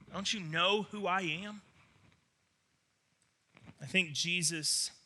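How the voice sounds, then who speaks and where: A man's voice: fairly high pitch, sharp tone. A man preaching a sermon as pastor, earnest and emphatic, often doubling his words as he restarts.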